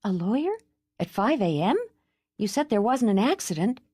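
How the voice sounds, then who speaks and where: A woman's voice: medium pitch, big pitch swings, moderate pace, mellow, breathy edge, no room sound, studio quality, voice pushed up. A woman voicing a fiery, impulsive young woman who is worn out from travel, talking in an urgent, demanding way. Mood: alarmed.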